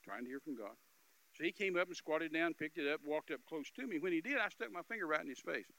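A man giving an animated, emphatic storytelling testimony as a minister, with repetitive phrasing and loud bursts. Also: a little high, quick pace, gravelly, low-quality recording.

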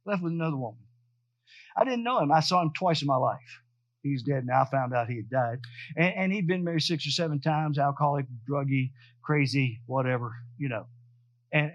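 High-pitched male preacher, emphatic and repetitive, dull dry recording. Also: dry recording. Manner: emphatic, repeats and restarts words. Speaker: pastor. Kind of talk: sermon.

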